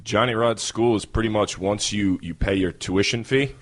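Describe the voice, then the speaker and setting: A man with a New York accent, a wrestler telling stories as a podcast guest in a relaxed way with many fillers. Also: on the low side, moderate pace. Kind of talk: casual interview talk.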